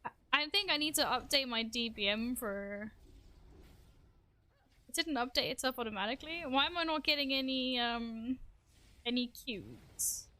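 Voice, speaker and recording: A young adult woman streaming a game live, reacting excitably, swearing and making fun of herself. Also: on the high side, moderate pace. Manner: excitable, swears, self-deprecating outbursts. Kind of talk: live gameplay commentary.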